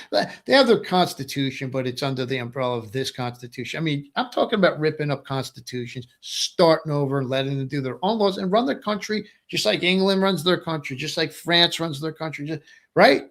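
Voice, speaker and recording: Middle-aged man, fairly high voice, rambling webcast host, casual monologue, keeps saying okay and right. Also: a bit bright. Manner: rambling, repeats himself, asks "right?" and "okay" often.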